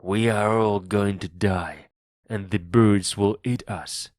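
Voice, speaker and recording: Hear a fierce, cunning old pirate captain, put on by a male reader in a storybook reading, commanding and threatening, his slow words thrown out loud. The voice sits a touch low and close, in a dry, dead recording with no room around it. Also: no room sound. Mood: angry. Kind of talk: read-aloud audiobook acting.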